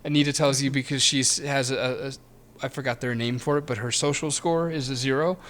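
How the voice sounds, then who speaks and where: A man co-hosts a retro game podcast, casually chatting through a game review with lots of laughter and restarted sentences. His voice is medium-pitched and fairly bright, with fairly even intonation and a fairly quick pace.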